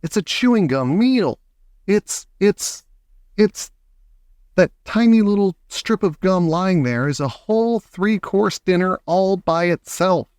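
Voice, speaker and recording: Guy voicing a boastful excitable chocolate maker, pitched up, dry close sound, reading a kids book. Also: unhurried, smooth, no room sound. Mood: exuberant. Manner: boastful, theatrical, exclaiming.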